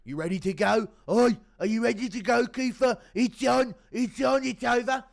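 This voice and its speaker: A man putting on a loud, brash, mocking voice of a male fight referee, pitched well above his own. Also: moderate pace, vocal fry.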